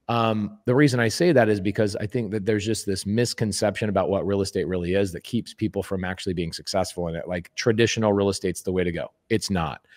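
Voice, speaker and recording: A man talking as a guest on a podcast, emphatic and animated, who acts out quoted speech and repeats words for emphasis. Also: fairly low pitch. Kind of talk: casual podcast conversation.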